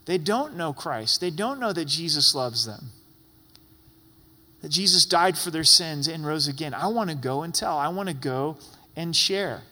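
This sermon comes from a middle-aged pastor whose bright, slightly high voice carries lively intonation at an unhurried pace. He preaches earnestly and powerfully, with occasional loud outbursts. A long reverb trails every phrase.

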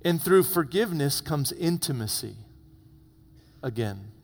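A male pastor preaching a sermon, retelling a story dramatically and dropping to hushed tones for emphasis. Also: fairly high pitch, expressive, measured pace, gravelly. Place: church. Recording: long reverb of a church hall.

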